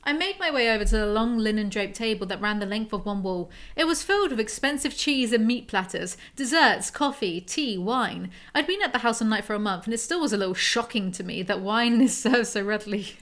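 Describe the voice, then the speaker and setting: A woman's voice: a little high, expressive, brisk, hardly any pauses, a bit bright. A woman in her twenties doing a comedic book breakdown, reading passages aloud and adding sarcastic, self-mocking asides. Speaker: book reviewer.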